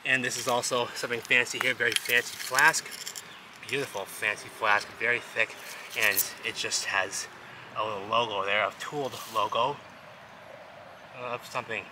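A man vlogging outdoors, narrating as he digs through ruins, rambling and excitable and repeating himself. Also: mid-range voice, moderate pace. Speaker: vlogger exploring urban ruins. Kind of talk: casual outdoor vlog narration. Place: outdoors in a wooded city lot. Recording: noisy outdoor camera audio.

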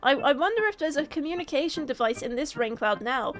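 Brisk and expressive, her voice sitting high, a young Minecraft YouTuber narrates gameplay with goofy, dramatic flair. She frequently trips over her words and starts again.

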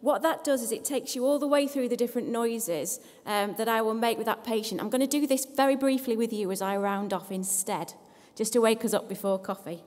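A woman speech and language therapist leading a live audience through breathing and voice exercises in a brisk, encouraging, lightly self-deprecating way. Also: fairly high pitch, a little mellow. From England. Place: conference hall with audience. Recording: long hall reverb.

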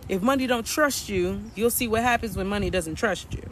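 A man's voice: high voice, fairly quick, fairly bright tone, slight background noise. A man working as a spiritual coach, giving a casual, preachy reading to viewers and repeating his points. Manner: preachy, repetitive, addresses viewers as y'all.

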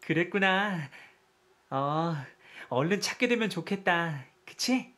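A voice actor playing a gentle, childlike boy doll who speaks softly, over game music. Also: mid-range voice, animated, rapid-fire, lightly acted. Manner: soft, apologetic. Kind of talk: game voice acting.

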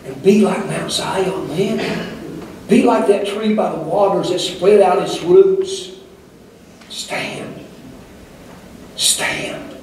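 An older male pastor preaches in a church sanctuary with a high-pitched, mellow voice at a slow pace, his rhythmic, fiery delivery punctuated by repeated calls to the congregation. The recording is echoey and distant, with slight background noise.

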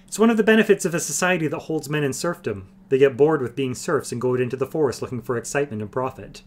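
A man reading aloud, voicing a sarcastic, quick-witted male thief. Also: medium pitch, lively intonation, voice pushed up, natural voice. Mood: mocking.

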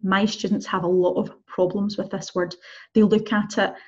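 A woman leads a recorded beginner lesson in a friendly, chatty tone, often checking in with her learners. Her voice sits at a middle pitch with a husky edge. The recording sounds slightly dull and lo-fi. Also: little pitch movement, darkish tone. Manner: encouraging, chatty, slow model pronunciations with checks like "okay?". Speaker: Spanish teacher. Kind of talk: recorded online language lesson.

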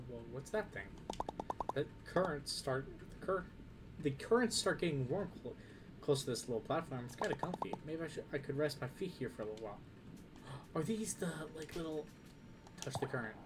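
A man giving excitable let's play commentary, swearing and talking to the game as he plays. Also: medium pitch, a little fast, very noisy. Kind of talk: gameplay commentary. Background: game music.

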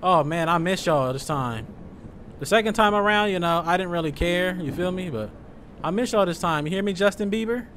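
Young guy streaming a game, slangy n joking, kinda high voice, faint hum behind. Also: a little fast. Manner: loud, joking, reacting with slang. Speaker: gaming streamer. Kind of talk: let's-play commentary.

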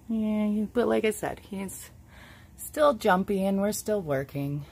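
Woman vlogger, husky and gravelly, chatty and swears casually, recorded at home on a handheld camera. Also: mid-range voice, unhurried. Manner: chatty, coos softly to her pet, swears casually. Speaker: reptile keeper vlogger. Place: home bedroom.

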